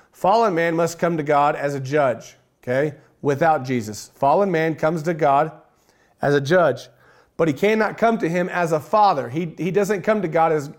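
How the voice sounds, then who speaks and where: A man with a fairly high voice preaches a sermon. He reads scripture aloud and drives each point home by repeating phrases. Relaxed, folksy asides break up the teaching.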